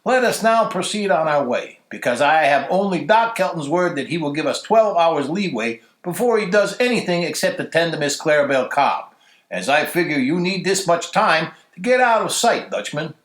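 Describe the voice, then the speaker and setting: Male reader voicing a small-time crook, matter-of-fact, stiffly formal, bright tone, church echo. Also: fairly high pitch, lively intonation, normal speed.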